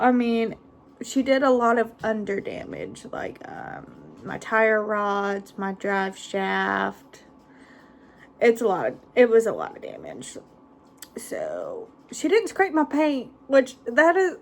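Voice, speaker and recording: A woman, chatting casually in a rambling vlog and laughing often. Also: a little high. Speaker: vlogger. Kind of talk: casual chat.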